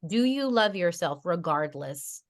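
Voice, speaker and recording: A woman's voice: fairly low pitch, expressive, a little slow. A woman, a podcast guest who teaches fitness and meditation, telling a personal story in a chatty, heartfelt way, with plenty of fillers and restarts. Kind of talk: casual conversational storytelling. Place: Connecticut.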